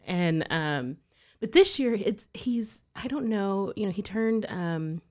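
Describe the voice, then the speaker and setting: A woman's voice: medium pitch, lively intonation, a little slow, a little mellow. A woman co-hosting a podcast, telling chatty stories and laughing often. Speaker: podcast co-host. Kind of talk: casual chat.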